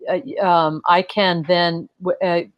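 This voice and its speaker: Woman, chatty and effusive co-host, slightly low voice, dry close sound. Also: level tone, slow pace, dry recording, muffled recording. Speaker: co-host handling call tech. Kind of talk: casual chat on a live audio call.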